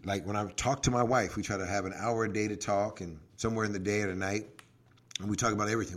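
Man, pastor, casual faith podcast chat, lowish voice, lively storytelling. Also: fast. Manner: animated, acts out quoted prayers, laughs often.

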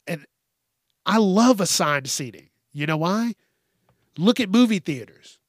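A man's voice: high-pitched, animated, unhurried, no echo, studio quality. A man hosting a podcast, ranting bluntly and swearing often in a casual monologue. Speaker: podcast host.

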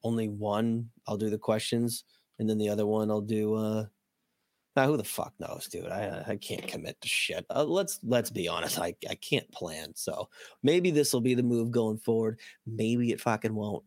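A man hosting a casual hockey podcast, losing his voice and sounding hoarse, rambling with lots of ums, restarts and casual swearing. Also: on the low side, moderate pace, no room sound, studio quality. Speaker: podcast host. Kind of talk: casual hockey prospect talk.

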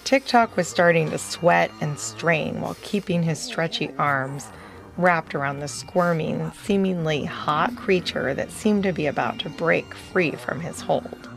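A woman with a lowish, gravelly voice narrates a children's fantasy adventure. She tells it slowly and playfully, with music running underneath. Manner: playful, unhurried storytelling. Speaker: storyteller.

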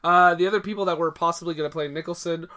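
Young male co-host, even-toned, trivia-heavy and relaxed. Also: a little high, rapid-fire. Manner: matter-of-fact, lists facts with fillers. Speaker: podcast co-host. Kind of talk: casual film discussion podcast.

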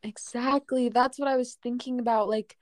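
A young woman hosting a casual podcast, talking in a gentle, reflective way with lots of "like". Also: fairly high pitch, fairly even intonation, normal speed, dry recording, studio quality. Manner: gentle, reflective, uses "like" often. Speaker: podcast host.

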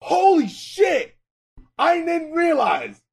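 A man with a high-pitched voice co-hosts a casual podcast about hip-hop. He swears constantly and talks in bursts, dropping low and quiet before shouting with excitement. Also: slow pace, creaky. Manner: excitable and profane, swings from mumbling to shouting. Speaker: podcast co-host, music critic and rapper.

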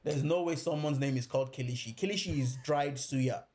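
A man, co-hosting a podcast, animated and quick to argue and laugh. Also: mid-range voice. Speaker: podcast co-host. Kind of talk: casual chat.

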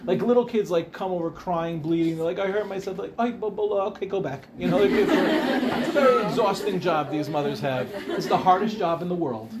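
High-voiced chatty rabbi lecturing. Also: male voice. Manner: chatty, rambling, self-interrupting, asks the audience questions. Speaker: rabbi teaching a class. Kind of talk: informal Torah lecture. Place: Ramat Beit Shemesh.

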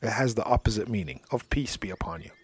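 A man's voice: fairly low pitch, fast talker, husky, dry recording. A man giving a religious talk, telling stories in a conversational way with frequent asides. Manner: storytelling, drops to soft asides, frequent "you know". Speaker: Islamic speaker.

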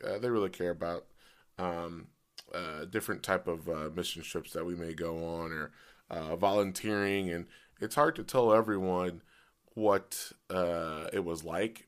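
A man hosting a casual solo podcast, his voice hoarse and cracking in and out, rambling with many fillers. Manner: pitch jumps as voice cracks. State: voice partly gone, hoarse. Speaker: podcast host.

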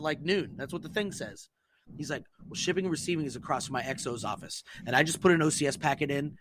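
A man with a fairly high voice tells a rambling story to his podcast co-hosts, swearing often and playing every character in the exchange he recounts. Faint noise sits under the recording. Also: fast. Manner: profane, animated, acts out quoted texts. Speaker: podcast co-host. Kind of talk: casual storytelling among friends.

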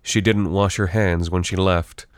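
A man reads scripted fiction aloud in a steady, even storytelling voice. His pitch sits very low, and the recording is dry and close with no room sound. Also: measured pace, smooth, dry recording. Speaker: narrator.

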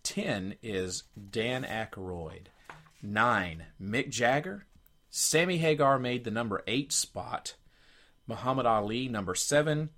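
A man's voice: on the low side, a bit bright. A man co-hosting a radio podcast in casual chat, rambling a bit and reading quotes aloud from his notes. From United States. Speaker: podcast co-host.

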